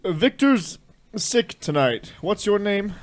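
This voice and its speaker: A man's voice: high-pitched, very animated, slow pace, no room sound, heavily acted. A man reading the part of a nervous, polite night guard in a live script read. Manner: polite, hesitant.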